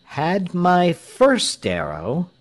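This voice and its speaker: A man's voice: mid-range voice, sing-song, takes it slowly, pitched above the performer's own voice. A man reading a storybook, voicing a proud, defiant male archer who speaks firmly and earnestly.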